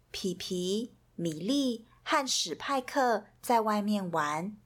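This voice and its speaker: A woman reading a children's storybook aloud with an expressive, soothing delivery. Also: mid-range voice. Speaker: storybook reader.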